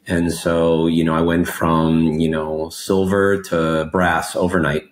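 Very deep-voiced man in his forties. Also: slow pace. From Mexico, raised in Los Angeles. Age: 40s. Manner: expressive, animated storyteller with frequent "you know". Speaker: guest entrepreneur. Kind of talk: casual interview storytelling.

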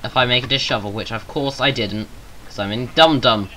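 Bright-voiced rambling English gamer guy. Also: medium pitch, a little fast, slight background noise, poor audio. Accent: Southern English. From England. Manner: rambling, self-mocking, jokey asides. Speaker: gaming YouTuber. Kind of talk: rambling Minecraft gameplay commentary.

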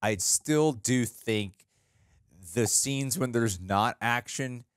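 A man's voice: medium pitch, takes it slowly, clean tone, no echo. A man co-hosting a movie reaction show, talking casually and animatedly, often restarting his sentences and laughing. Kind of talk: casual chat.

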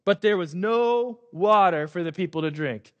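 High-voiced chatty pastor preaching. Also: male voice, normal speed, muffled recording. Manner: conversational, asks "right?" often. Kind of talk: sermon.

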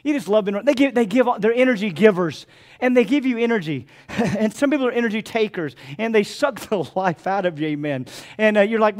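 A man's voice: high voice, lively intonation, brisk. A man preaching a sermon as pastor of a church, with a fervent, repetitive preaching cadence. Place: church sanctuary.

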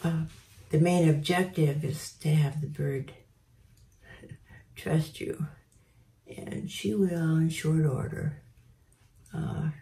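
A woman speaks slowly in a mellow, low-leaning voice, mixing tips with soft, near-whispered baby talk to a bird. She sounds set back from the mic in a roomy, echoing space, as if in an aviary. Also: steady tone. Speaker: bird breeder showing a tame parrot. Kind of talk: casual bird-handling demonstration. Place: aviary indoors. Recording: roomy, from a distance.

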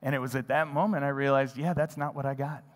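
A man preaching a sermon, telling a childhood story with animated delivery and acting out his own thoughts. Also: mid-range voice, fast, big-room sound. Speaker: pastor. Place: church sanctuary.

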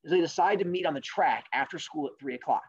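A male teacher telling fables to an online class, jokey and animated, with sarcastic asides, in a dull lo-fi recording. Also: fairly high pitch, fast talker, husky. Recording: dull lo-fi sound.

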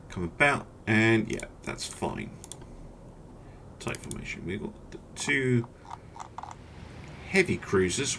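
Slow, gravelly-voiced man musing over a game. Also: lowish voice, a bit bright, slight background noise. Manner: thinking aloud, musing and hesitant. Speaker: gaming channel host. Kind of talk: gameplay commentary.

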